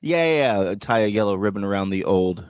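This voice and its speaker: A man's voice: lowish voice, expressive, brisk, clean tone, dry recording, studio quality. A man around thirty from the United States, co-hosting a podcast in loose, joking, crude banter. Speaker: podcast co-host. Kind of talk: casual chat.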